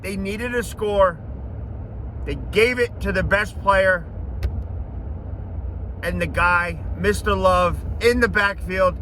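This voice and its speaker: A man hosting a sports betting show, talking casually and breaking into shouted chants. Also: high voice, slow, pauses often, slight background noise, low-quality recording.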